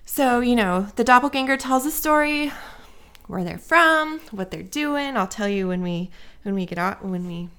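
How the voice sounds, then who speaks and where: A woman's voice: fairly high pitch, animated, normal speed, a bit bright, smooth. A woman co-hosting a casual podcast, telling a story in a loose, chatty way with lots of fillers and frequent swearing. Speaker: podcast co-host. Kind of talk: casual chat, movie review.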